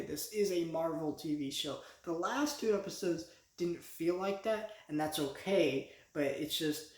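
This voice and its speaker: A man's voice: on the high side, roomy sound. A man giving a casual spoken review as a vlogger, rambling with many restarts and fillers.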